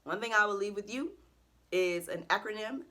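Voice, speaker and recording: Bright-voiced young woman vlogging, earnest. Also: medium pitch, moderate pace. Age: early 20s. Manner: emotional, earnest, faith-filled and chatty. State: close to tears at times. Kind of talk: casual heartfelt vent to camera.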